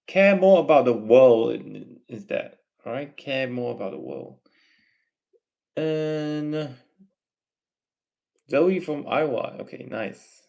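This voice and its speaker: A man with a Malaysian English accent, reading chat messages aloud on his livestream and answering them in a gently lecturing way. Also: mid-range voice, vocal fry. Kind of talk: casual live chat Q&A.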